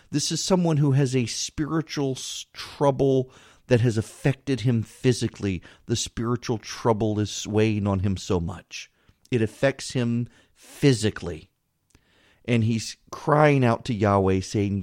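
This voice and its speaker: A man's voice: mid-range voice, a little slow, a little mellow, no room sound. Earnest man on a dry close mic. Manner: earnest, pleading, with frequent restarts and stumbles. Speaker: podcast host. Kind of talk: reflective devotional monologue.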